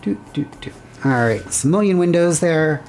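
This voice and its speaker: A woman's voice: deep voice, expressive, moderate pace, a little mellow, slight background noise. A woman hosting a livestream, casually thinking aloud and chatting with viewers while she sketches a building plan. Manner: rambling, self-correcting, chatty with viewers. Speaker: livestream host.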